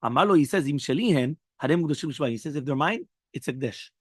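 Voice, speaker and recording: A male rabbi giving a daily Talmud lesson, animated and acting out the characters' lines as he explains. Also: on the high side, fast, husky, no room sound, studio quality.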